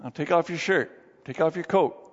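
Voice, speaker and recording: A man doing a low, hesitant schoolteacher. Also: moderate pace, natural voice. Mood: stern. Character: reluctant male schoolteacher, stern but torn. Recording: dull sound with long hall reverb.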